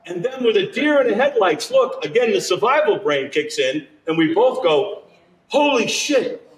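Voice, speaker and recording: An animated male storyteller spins a ghost tale before a live audience, his unusually high voice leaping up and down as he laughs along. He sounds set back from the mic in an echoey room. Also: moderate pace, recorded from a distance. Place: curiosity shop event with live audience.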